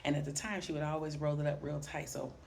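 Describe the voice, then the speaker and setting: Middle-aged woman vlogger, lower voice; animated storyteller who acts out the voices. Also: quick pace, vocal fry, a little hiss or hum. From Highland Park, Michigan, near Detroit. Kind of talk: personal storytelling vlog.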